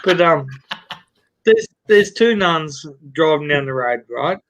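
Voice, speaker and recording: A man's voice: a little high, expressive, slow pace, fairly bright tone, rough recording. A man hosting a live stream, telling a crude joke in a rambling way, with a lot of swearing and restarts. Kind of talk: casual chat, telling a joke.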